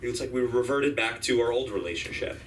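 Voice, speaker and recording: A man in his thirties doing a stand-up set at an open mic, telling stories in a wry, deadpan way. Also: mid-range voice, fairly quick. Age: 30s. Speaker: stand-up comedian. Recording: distant room mic with faint hum.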